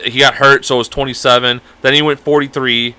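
Young dude rambling on a podcast, cussing, lots of likes, bright voice. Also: male voice, mid-range voice, little pitch movement, brisk, clean tone. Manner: rambling, filler-heavy, profane. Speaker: podcast co-host. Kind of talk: casual chat.

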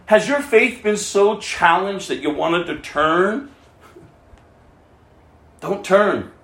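A man preaching a sermon as pastor, impassioned, swinging between loud emphasis and hushed asides. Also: high voice, animated, slow pace, reverberant.

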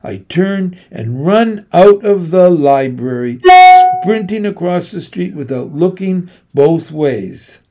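A man giving a measured, steady first-person audiobook narration. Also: fairly high pitch, over loud music.

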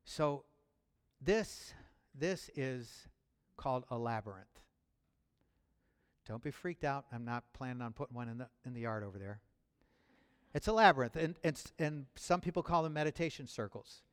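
A man preaching as a pastor, speaking in a personal, conversational way with restarts and chuckles, and building to loud fervor. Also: medium pitch, lively intonation, normal speed, clean tone. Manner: builds to loud, rising fervor near the end. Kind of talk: sermon. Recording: long hall reverb.

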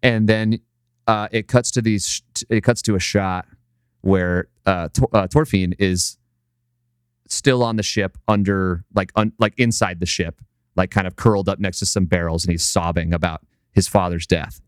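A man's voice: sits low, steady tone, normal speed, smooth, no echo, clean studio sound. A man in casual chat on a podcast, retelling an anime scene in a loose, profane, filler-heavy way. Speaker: podcast co-host.

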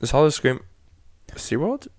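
A man's voice: on the high side, very animated, measured pace, darkish tone, no echo. A man from Florida co-hosting a casual podcast chat. He teases his co-host and rambles through hesitant, half-finished thoughts.

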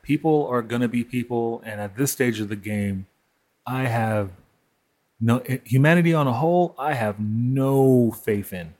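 A man talks alone into the mic in a loose, candid monologue, swearing freely and breaking into short laughs. His pitch sits in an ordinary middle range for a man. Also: a little mellow. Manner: candid, profane, laughs between points. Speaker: podcast host. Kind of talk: solo monologue.

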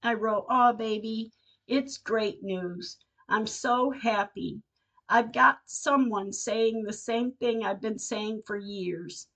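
Slow, heartfelt older woman reading her diary. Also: on the high side, a bit bright. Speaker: podcast host. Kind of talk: reading personal diary entries aloud. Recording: dull lo-fi recording.

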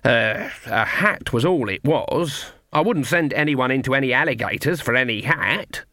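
A man's voice: medium pitch, animated, moderate pace, no echo, studio quality. A man reading an audiobook voices a stern, proud older witch who speaks sharply and commandingly. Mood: firm. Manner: sharp, commanding, erupts into indignant shouting. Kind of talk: audiobook character voice.

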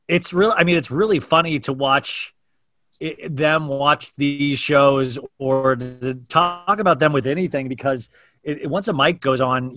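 A man's voice: mid-range voice, bright, forceful tone, no echo, studio quality. A man hosting a daily podcast, talking openly in a casual, rambling way with many restarts. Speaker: podcast host. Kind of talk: casual chat.

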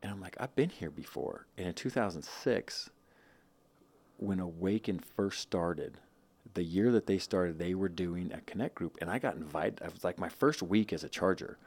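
A man's voice: sits low, normal speed, a little mellow, breathy edge. A man in his thirties telling a personal story in a casual interview, rambling with many restarts and quoted asides. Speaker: guest.

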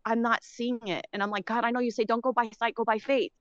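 Middle-aged woman caller, higher voice, rambling and emotional, dull dry phone-call sound. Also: fairly even intonation, quick pace, a bit bright, dry recording. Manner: rambling, emotional, frequent fillers and nervous laughs. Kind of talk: call-in conversation. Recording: dull lo-fi line.

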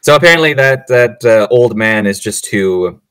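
Smooth and mid-range, his voice moves at a normal speed over a dry recording. As a podcast co-host, he recaps a film conversationally, acting out the lines with lively storytelling and plenty of laughter.

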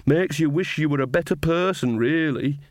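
A man's voice: on the high side, moderate pace, no echo, studio quality, voice pushed up, natural voice. A man doing a jolly, bawdy old witch. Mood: chatty.

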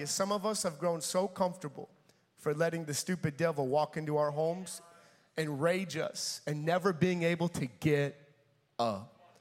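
A young man with a high-pitched voice gives a sermon in a church set in a large hall. Telling a story from his own experience, he animatedly voices the people who appear in it.

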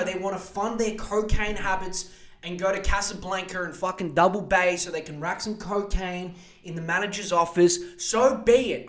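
A man, hosting a podcast with a profane, sarcastic comedic rant. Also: fairly high pitch. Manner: sarcastic, mocking, slips into impressions. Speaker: podcast host.

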